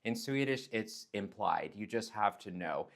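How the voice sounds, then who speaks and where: A man talks casually into the camera in a fairly low voice. He explains things in a chatty way and acts out words with stretched, exaggerated tones. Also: expressive, measured pace, creaky. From Texas, United States. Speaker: nurse vlogger.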